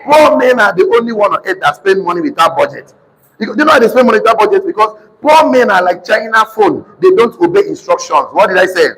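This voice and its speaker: High-voiced Nigerian preacher in a reverberant hall. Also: male voice, expressive, husky. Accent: Nigerian English. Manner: emphatic call-and-response, repeats key lines slowly for note-taking; sudden shouted emphasis. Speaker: motivational preacher. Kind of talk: preaching to a live congregation.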